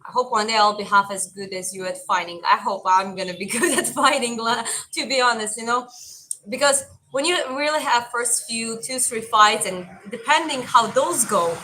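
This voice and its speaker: A woman's voice: on the high side, normal speed, bright, forceful tone, low-quality recording. A young woman with a mild Eastern European accent, chatting casually as a stream host and answering viewer comments. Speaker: livestream host and boxing coach.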